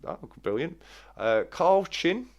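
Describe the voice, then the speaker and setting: A man's voice: fairly high pitch, very animated, slow pace, dull audio. A man from the East Midlands of England with a slightly northern accent, hosting a casual chat, chatty and laughing, often stumbling and restarting. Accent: East Midlands English with a northern touch. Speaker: host.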